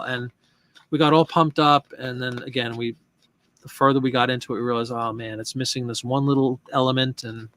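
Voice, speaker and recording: A man's voice: mid-range voice, steady tone, brisk, a bit bright. A man hosting a live chat show, talking casually and rambling with restarts and asides.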